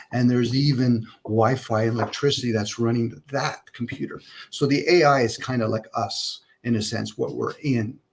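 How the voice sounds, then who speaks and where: A man hosting a livestream, rambling through philosophical ideas with lots of rhetorical questions over an online call. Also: mid-range voice. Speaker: livestream host. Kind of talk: casual philosophical chat.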